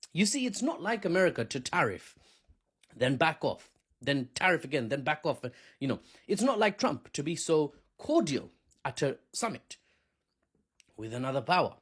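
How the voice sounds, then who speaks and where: A man's voice: a little high, very animated, moderate pace, long pauses, breathy edge. Chatty, joking male commentator. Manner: jokey, chatty, wanders into asides. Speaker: commentary host. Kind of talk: casual solo news commentary.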